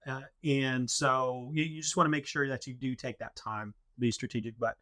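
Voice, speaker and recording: A man speaks as a guest on a casual podcast and explains plans step by step. His voice is mid-pitched with a bright, pressing edge. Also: steady tone, normal speed. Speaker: podcast guest, head of a mission organization.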